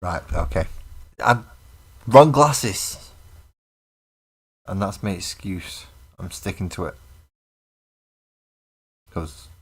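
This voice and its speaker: A deep-voiced man talks slowly and easily at home while reading his live chat aloud. His delivery is chatty and self-mocking, with jokes and quick asides. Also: lively intonation, breathy edge. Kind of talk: casual live-stream chat while painting.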